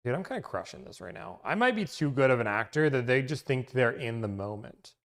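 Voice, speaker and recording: A man's voice: medium pitch, sing-song, brisk, a bit bright. Rambling man hosting a livestream. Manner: rambling, self-interrupting, chatty with viewers. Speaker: car-buying negotiation service host. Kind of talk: casual livestream chat.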